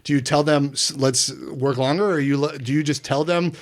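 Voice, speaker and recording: A man's voice: on the high side, fairly even intonation, moderate pace. A man hosting a podcast, asking curious, long and rambling questions. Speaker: podcast host. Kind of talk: podcast interview.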